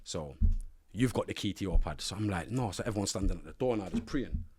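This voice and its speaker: A man from Nottingham, a podcast guest telling animated stories in heavy street slang and acting out what others said. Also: sits low, quick pace, breathy edge. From Nottingham, England. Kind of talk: casual storytelling in an interview.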